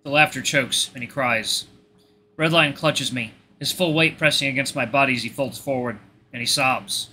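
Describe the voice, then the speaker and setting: A man reading a visual novel aloud in expressive first-person narration, stumbling now and then. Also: mid-range voice, moderate pace, a little hiss or hum. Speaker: let's play host.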